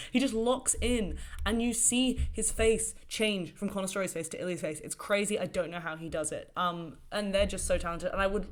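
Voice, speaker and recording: A woman hosting a casual solo podcast, talking in an enthusiastic, rambling way with lots of fillers and the odd swear word. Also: mid-range voice. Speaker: podcast host.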